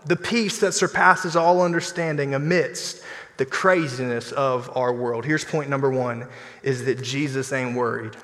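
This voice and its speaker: Bright-voiced man preaching in a reverberant hall. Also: medium pitch, unhurried. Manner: animated, conversational preaching with playful mock voices. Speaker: pastor. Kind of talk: sermon. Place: church sanctuary. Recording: long church hall reverb.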